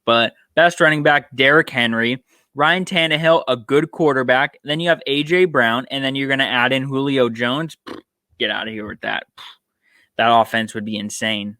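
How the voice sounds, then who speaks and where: Bright-voiced man musing on sports. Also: fairly high pitch, no echo, studio quality. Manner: rambling, thinks aloud with many ums. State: tired, yawning. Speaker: sports podcast host. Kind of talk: casual solo sports talk.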